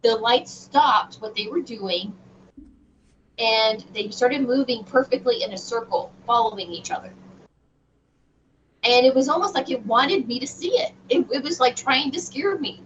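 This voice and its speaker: A middle-aged woman, an interview guest telling a personal story in an animated, emphatic way with frequent restarts. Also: a little high, a little slow. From Southern United States. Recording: distant, dull remote audio with faint noise.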